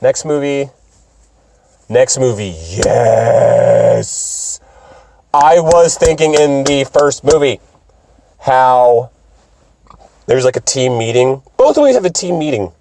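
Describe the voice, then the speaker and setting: A young man doing a profane, excitable, rambling comedic recap of an anime. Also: medium pitch, takes it slowly, vocal fry, long pauses, slight background noise. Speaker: video host.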